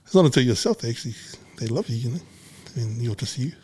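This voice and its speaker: Blunt, swearing man, husky and mellow. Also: mid-range voice, animated, fast. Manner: blunt, swears freely, acts out dialogue. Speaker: podcast guest, businessman. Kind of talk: casual conversation.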